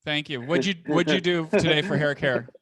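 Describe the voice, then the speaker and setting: A man with a fairly high voice throws in quick, teasing asides and laughs easily. He is a comedian guest on a video call. Faint noise and small clicks sit behind him. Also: a bit bright. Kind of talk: casual banter on a video call.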